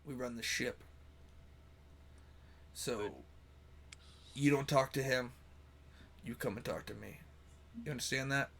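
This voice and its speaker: A man voicing a stern, bossy half-orc first mate who talks slow and firm. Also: mid-range voice, fairly even intonation, creaky, a bit bright, full character voice.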